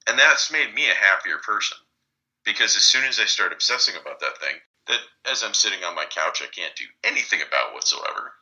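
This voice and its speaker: A man in his forties with a very deep voice and a sharp, bright edge. He talks in a flat, steady monotone and stays level even when he describes a panic. It is relaxed podcast chat. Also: a little fast, rough recording. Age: 40s. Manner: monotone, even-keeled delivery. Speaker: podcast co-host, lawyer.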